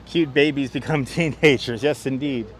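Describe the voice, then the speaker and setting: A man with a medium-pitched voice and moderate pace hosts a live walking tour in an outdoor waterfront park, using a wireless lapel mic. Chatty and laughing often, he reads the chat aloud and greets viewers by name.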